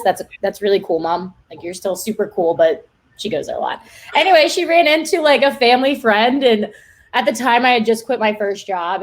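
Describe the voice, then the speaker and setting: A woman in her twenties, a guest telling stories in a casual chat, giggly and full of "like". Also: medium pitch. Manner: giggly, chatty storyteller, lots of "like".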